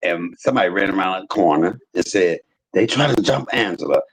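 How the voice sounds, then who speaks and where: A man hosting a livestream, telling stories in casual chat with an animated manner that leaps up in pitch when he quotes people. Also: a little fast, vocal fry, breathy edge, low-quality recording. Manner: animated storyteller, jumps high in pitch for quoted voices. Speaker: livestream host.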